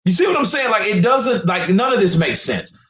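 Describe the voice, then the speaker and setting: A man talks straight into his stream, frustrated and emphatic, repeating himself as he swears his way through a rant. His pitch jumps around a lot, and the room behind him is echoey. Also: big pitch swings, a little fast, fairly bright tone. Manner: emphatic, profane, repetitive. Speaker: boxing commentator streamer. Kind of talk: live stream commentary rant.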